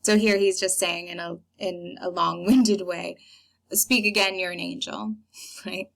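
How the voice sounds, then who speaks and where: A woman's voice: lowish voice, steady tone, a little slow, vocal fry. A young woman reading a classic play aloud and explaining it line by line in a casual, chatty way, with many fillers.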